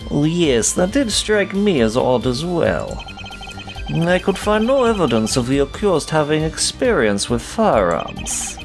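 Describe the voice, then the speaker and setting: A man's voice: fairly high pitch, big pitch swings, measured pace, music in the background, pitched above the performer's own voice. A man voicing a smug young male prosecutor with a put-on German accent, formal and teasing.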